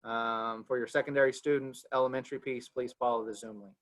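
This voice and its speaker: A man's voice: mid-range voice, steady tone, a little fast, fairly bright tone. A man with an Oklahoma accent hosting a video call, giving loose, repetitive, folksy announcements. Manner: loose, repeats himself, folksy. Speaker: webinar host.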